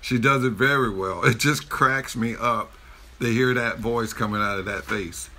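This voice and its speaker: A man co-hosting a casual reaction video, joking and animated, often restarting his sentences. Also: medium pitch, normal speed. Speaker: reaction video co-host, a father.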